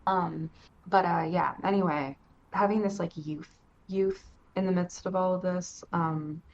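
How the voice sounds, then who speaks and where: A tired woman chatting casually as a podcast guest, rambling excitably and swearing freely. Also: on the low side, measured pace. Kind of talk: casual chat. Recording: dull lo-fi mic.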